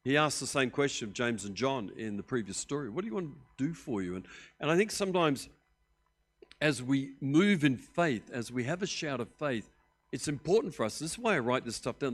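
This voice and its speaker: Animated pastor preaching. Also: male voice, medium pitch, a little fast. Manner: animated storytelling, acting out voices with big swings in loudness. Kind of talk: sermon.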